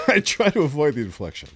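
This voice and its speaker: An older man talking as a guest on a podcast, dry and musing, with a deadpan manner and frequent restarts. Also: on the high side, husky. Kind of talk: casual podcast conversation. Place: podcast studio.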